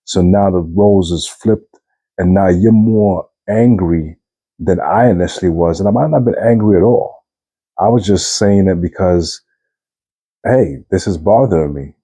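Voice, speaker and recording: A man's voice: sits low, moderate pace, warm tone, husky, no room sound, poor audio. A man giving relationship advice in an earnest, conversational monologue, often checking in with "you know what I'm saying," and briefly acting out what partners say. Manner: acts out quoted partners in short bursts.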